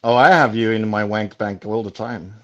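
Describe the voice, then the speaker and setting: A man guesting on a live chat stream, joking crudely with a deadpan delivery. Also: lowish voice, normal speed. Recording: dull lo-fi mic.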